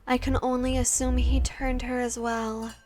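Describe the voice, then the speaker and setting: A woman's voice: fairly high pitch, little pitch movement, normal speed, darkish tone, soft background music, natural voice. A woman voicing a lonely female vampire ghost who speaks formally and with melancholy. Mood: wistful.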